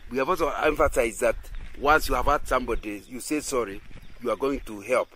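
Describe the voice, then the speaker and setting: A man's voice: mid-range voice, fairly quick, bright, forceful tone, husky, rough recording. A man teaching in a sermon style who keeps checking that listeners agree and often repeats and restarts his phrases. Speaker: Christian teacher.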